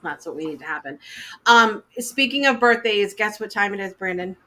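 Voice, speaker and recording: A woman's voice: medium pitch, lively intonation, normal speed, background noise. A woman hosting a casual live show, chatting and laughing through scattered asides. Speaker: host.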